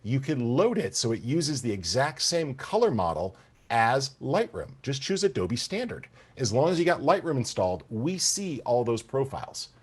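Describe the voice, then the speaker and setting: A man teaching photo-editing software in an enthusiastic, conversational tutorial, talking straight to the viewers. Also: mid-range voice, big pitch swings, normal speed, husky. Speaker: software instructor. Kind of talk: screen-recorded software tutorial.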